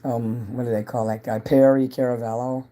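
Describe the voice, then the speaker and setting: A man hosts his own livestream, chatting loosely and greeting viewers as they come in. His voice is mellow and a little dark. He rambles from topic to topic in an offhand, casual way. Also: mid-range voice, level tone, normal speed. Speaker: entertainer hosting a livestream.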